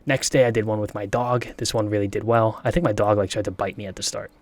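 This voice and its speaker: A man's voice: on the low side, fairly even intonation, a little mellow, no echo. A young man in his twenties giving a casual tutorial on online sales, hyped and slangy, often checking in with "right?". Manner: hyped, slangy, fast-talking with frequent "right?". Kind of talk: casual tutorial talk to camera.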